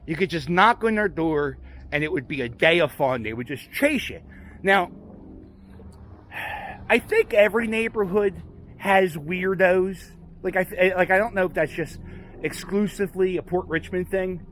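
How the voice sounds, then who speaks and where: Man, slightly high voice, rambling casual chat, outdoor street, faint traffic behind. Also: moderate pace, fairly bright tone. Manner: chatty, rambling, self-deprecating. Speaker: vlogger walking tour host. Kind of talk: casual walking vlog chat.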